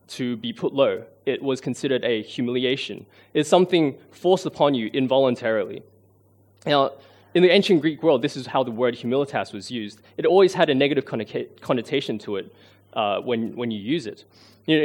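Young aussie guy giving a sermon, earnest, kinda self-deprecating, lots of ums, mid-pitched voice. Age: 20s. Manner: earnest and self-deprecating, often hesitant with fillers. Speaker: lay preacher.

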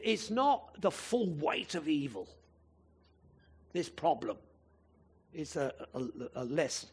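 A man's voice: high-pitched, slightly rough. A man preaching a sermon in a conversational way, often asking the listeners rhetorical questions, with occasional emphatic bursts.

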